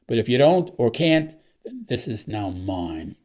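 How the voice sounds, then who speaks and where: A man voicing an arrogant middle-aged bidder who speaks slowly and with contempt. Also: medium pitch, very animated, darkish tone. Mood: growling. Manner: slow, contemptuous, emphatic.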